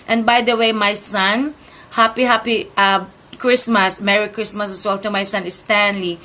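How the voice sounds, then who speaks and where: A woman's voice: medium pitch, fairly even intonation, normal speed, pushed and bright, low-quality recording. A woman hosting her own talk channel, chatting casually and gratefully, with many fillers and restarts. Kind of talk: casual chat to camera.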